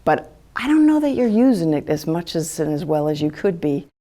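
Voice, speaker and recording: Lively, chatty woman speaker, low voice. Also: fairly quick. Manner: animated, chatty, acts out quoted thoughts. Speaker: speaker giving a talk on empathy. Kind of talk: live talk to an audience.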